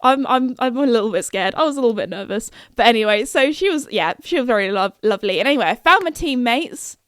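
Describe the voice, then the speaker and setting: Fast-talking with lively intonation, a young podcast host spins a story, giggling and chatting casually as she slips into high-pitched quoted voices. Her smooth, slightly bright voice is captured in a dry, studio-quality recording.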